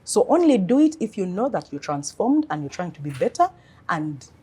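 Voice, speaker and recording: Female financial coach, husky, earnest interview delivery. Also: on the low side, moderate pace. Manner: earnest, animated storytelling. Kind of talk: interview advice talk.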